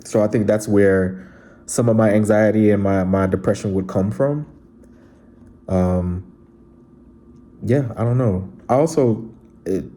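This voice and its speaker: A man's voice: fairly low pitch, warm tone. A man, chatting casually and earnestly as he reads out viewer comments on his vlog. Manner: earnest and heartfelt, addressing viewers directly. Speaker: vlogger reading viewer comments. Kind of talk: casual chat.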